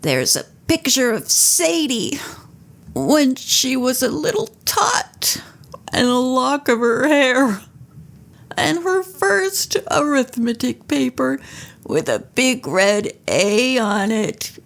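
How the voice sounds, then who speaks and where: A woman's voice: sits high, very animated, takes it slowly, creaky, voice pushed up, heavily acted. A woman voicing a scheming grown man who groans and pities himself while faking an injury. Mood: wheedling. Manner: groaning, self-pitying.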